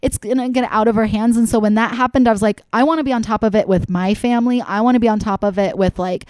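A young adult woman talks as a podcast guest, open and candid, her sentences looping through lots of "like"s and fillers. Her voice sits a little high, and the recording is dry and close. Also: fairly even intonation, fast talker, a little mellow, clear, resonant tone, no echo. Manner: candid, rambling with many fillers. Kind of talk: casual chat.

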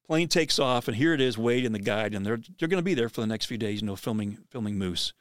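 A man hosting a podcast, telling a story in an animated way, acting out the quoted speech of the people in it. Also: mid-range voice, fast talker, smooth, no echo, studio quality.

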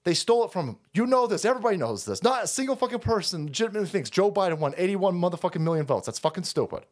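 A man with a strikingly high voice tears through a profane political rant on his stream. He repeats himself for force and drops into mocking imitations of the people he argues against. His talk runs hot and relentless. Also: big pitch swings, rapid-fire. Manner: heated, profane, repetitive ranting with sarcastic mock quotes.

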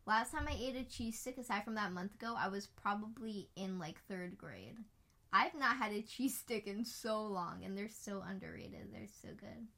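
A woman's voice: mid-range voice, very animated, normal speed, creaky, bright, forceful tone. A young American woman co-hosting a podcast, chatting casually and rambling through stories with lots of "like". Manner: chatty, rambling storyteller with frequent "like". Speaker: podcast co-host. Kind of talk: casual chat.

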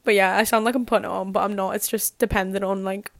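A young woman from the Liverpool area, with a Scouse accent, hosts a casual podcast, rambling and chatty with lots of fillers. Her mid-range, gravelly voice is flat and quick, and her throat sounds dry on a dry recording.

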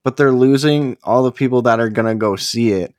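A man's voice: medium pitch, dry recording, studio quality. A man co-hosting a podcast, laid-back and slangy, chatting casually with his co-host. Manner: laid-back, slangy, quick to laugh along. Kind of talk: casual chat.

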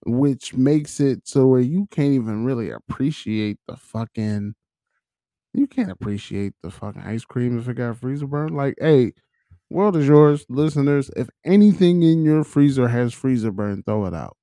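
A man co-hosting a podcast in casual chat, slangy, joking and animated. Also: mid-range voice, moderate pace, no room sound, studio quality. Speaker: podcast co-host.

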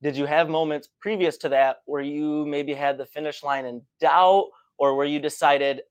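A man hosting an interview, asking friendly questions and telling his own race story in a relaxed way. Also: fairly high pitch, moderate pace, hardly any pauses, clean tone. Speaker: podcast host, runner. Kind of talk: casual conversational interview.

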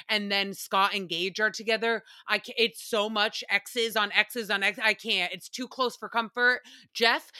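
A woman hosting a podcast, recapping a show in casual, profane, animated chat. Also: mid-range voice, no room sound, studio quality. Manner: chatty, profane, animated asides. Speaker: podcast host.

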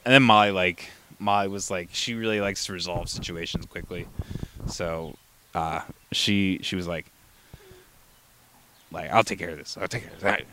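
Profane rambling man, low voice. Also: a bit bright. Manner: profane, rambling, with frequent restarts and fillers. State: coming down with a cold. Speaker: podcast host. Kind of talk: casual solo podcast rant.

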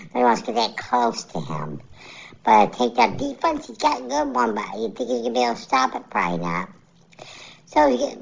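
Gravelly, very low woman grading fighters. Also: a little hiss or hum. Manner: animated, joking, laughs often. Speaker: MMA fight analyst. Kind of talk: casual fight-picks commentary. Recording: dull lo-fi recording.

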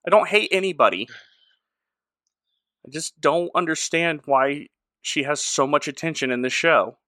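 A man's voice: fairly high pitch, moderate pace, pushed and bright, no room sound, studio quality. A man co-hosting a podcast, recapping a show in casual chat and joking around. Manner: jokey, acts out characters in exaggerated voices. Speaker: podcast co-host.

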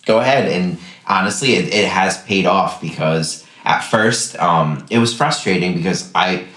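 A man's voice: low-pitched, a little slow, bright, forceful tone. A man co-hosting a podcast, chatting casually in a loose, rambling way. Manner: rambling, loose with many "like" and "kinda". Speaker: podcast co-host. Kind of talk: casual chat. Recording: roomy echo.

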